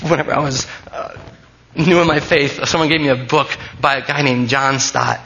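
A man's voice: medium pitch, steady tone, moderate pace, pushed and bright, dull audio. A man preaching a sermon as pastor, earnest and emphatic, often repeating key phrases.

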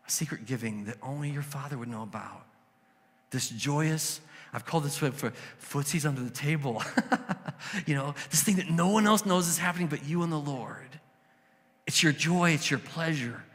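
A man's voice: fairly high pitch, vocal fry, fairly bright tone, long reverb tail. A man preaching a conversational sermon as a pastor, telling stories and acting out quoted voices.

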